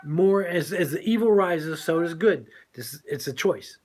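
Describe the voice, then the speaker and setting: A man's voice: fairly high pitch, expressive, unhurried, darkish tone. An older man co-hosting a casual talk show, speaking in a preachy, emphatic way and laughing often. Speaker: co-host.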